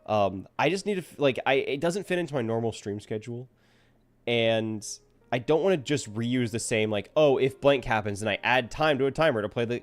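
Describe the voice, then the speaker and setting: A man chatting casually to his viewers at the end of a stream, rambling and self-deprecating. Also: mid-range voice.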